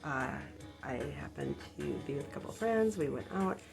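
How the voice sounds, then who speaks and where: A woman's voice: low voice, big pitch swings, brisk. A woman vlogger telling a story in casual, rambling style, full of ums and likes, sheepish about her own part in it. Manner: self-deprecating, embarrassed about the story. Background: background music.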